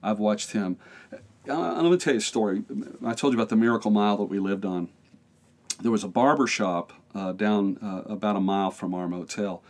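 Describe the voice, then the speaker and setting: A man with a low voice tells a story in a podcast interview, full of energy. He acts out the voices of the people in it and laughs as he goes. He is an American pastor in middle age. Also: fairly quick.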